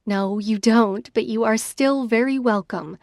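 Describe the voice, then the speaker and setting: A woman's voice: a little high, a little slow, no room sound, clean studio sound. A woman reading as a teasing, laughing friend. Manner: teasing and warm. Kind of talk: audiobook dialogue reading.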